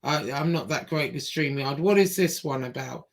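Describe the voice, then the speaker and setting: A woman hosting a livestream, talking in a halting way with many pauses and fillers as she reads messages aloud. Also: extremely low pitch. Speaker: show host. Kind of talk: livestream interview.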